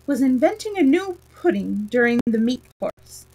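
A woman voicing a rambling, eccentric old male knight inventor who explains his ideas slowly and earnestly. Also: high voice, big pitch swings, dark tone, slightly rough, full character voice, poor audio. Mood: proud.

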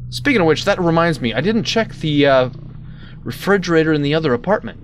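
Animated man rambling over gameplay. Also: a little high, brisk, slight background noise. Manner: rambling, self-mocking, lots of sudden yelps. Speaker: let's play host. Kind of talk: casual gameplay commentary.

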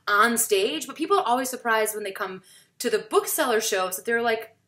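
A woman's voice: fairly high pitch, lively intonation, a little fast, a bit bright. A woman hosting a casual, joking interview about stand-up comedy, often laughing and making playful asides. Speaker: host.

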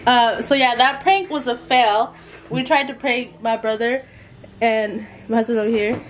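A woman's voice: a little high, steady tone, measured pace. A woman vlogging at home with family, chatting casually, laughing and swearing freely.

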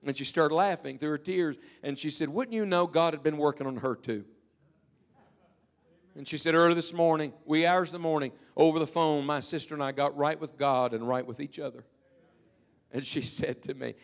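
A middle-aged man preaching a sermon, telling stories and dropping to a hush when he quotes people. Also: fairly high pitch, moderate pace. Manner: storytelling preaching, quoting people in hushed tones.

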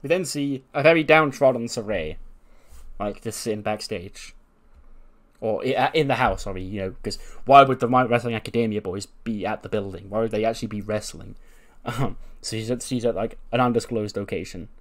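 A man's voice: fairly low pitch, a little fast. Rambling man narrating a sim game. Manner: rambling, self-correcting. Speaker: game commentator. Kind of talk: casual let's-play narration.

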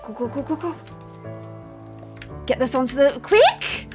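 A young woman streaming a game live, chattering excitably and getting flustered, reading out chat messages between plays. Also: sits high, normal speed, over music. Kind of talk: live gameplay commentary.

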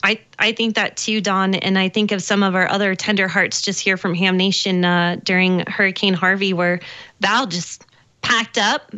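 A woman co-host in casual chat, warm and chatty, quick to agree. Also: mid-range voice, fairly even intonation, dull audio. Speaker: show co-host.

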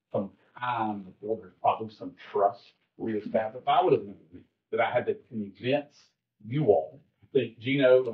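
A man addressing a closed meeting in a measured, halting way as he explains. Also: on the low side. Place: meeting room, far from the mic. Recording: distant, echoey, tinny leaked recording.

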